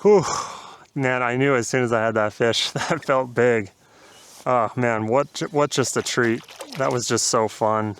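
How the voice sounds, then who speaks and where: Excitable man vlogging while fishing. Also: mid-range voice, a little slow, slight background noise. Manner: excited exclamations, laughing, breathless. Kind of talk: casual outdoor fishing vlog. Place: outdoors on a river.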